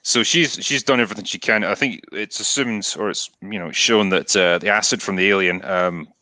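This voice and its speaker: Bright-voiced man recapping a film. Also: lowish voice, a little fast, dry recording. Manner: relaxed recapping with many ums and restarts. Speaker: podcast host. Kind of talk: casual film discussion.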